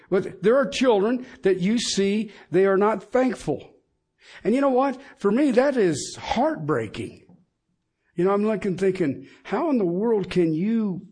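A man's voice: sits high, sing-song, a little slow, a little mellow, slightly rough. A middle-aged man preaching a sermon, emphatic and asking the congregation questions.

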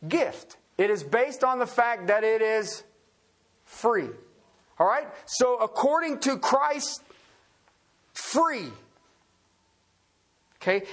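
A man preaching an expository sermon, casual and conversational, often checking in with his listeners and spelling out words. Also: high voice. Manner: animated and conversational, frequent "Okay?" check-ins.

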